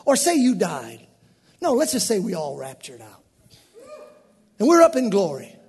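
A male pastor preaching a sermon in a church sanctuary, swinging from quiet asides to shouted bursts. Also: high voice, huge pitch swings, moderate pace, breathy edge, big-room sound.

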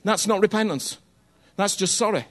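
A man's voice: high-pitched, moderate pace. A man preaching a sermon in a conversational, earnest way, often checking in with his listeners and repeating phrases for emphasis.

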